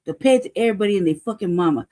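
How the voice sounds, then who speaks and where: A woman's voice: medium pitch, lively intonation, racing, dark tone. A woman hosting a podcast, delivering a heated, profane rant full of rhetorical questions, laughing often and asking "you know what I mean". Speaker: podcast host. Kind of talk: unscripted political commentary.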